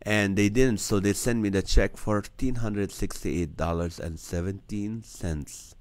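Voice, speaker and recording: A man's voice: on the low side, steady tone, measured pace, a little mellow, no echo. A man hosting his own live show, telling a personal story with earnest energy and acting out the dialogue. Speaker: comedian hosting a nightly live stream. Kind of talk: storytelling testimony to a live audience.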